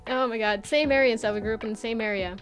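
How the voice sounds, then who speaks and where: Chatty young midwest woman streaming, kinda high voice, laughs a lot, faint music behind. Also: rapid-fire. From Midwest United States. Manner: animated and chatty, laughs often, reads chat aloud. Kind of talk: casual chat.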